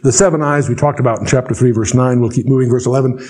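An older man teaching the Bible verse by verse. He reads scripture slowly and explains it with dry asides. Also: medium pitch, steady tone, a little mellow.

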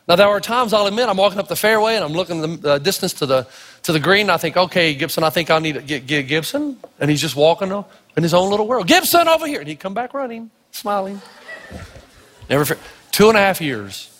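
A man from Tennessee preaching a sermon, telling stories with lively energy and acting out the voices of the people in them. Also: sits high, quick pace. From Tennessee, United States. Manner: animated storytelling, acting out voices. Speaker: pastor. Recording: reverberant hall.

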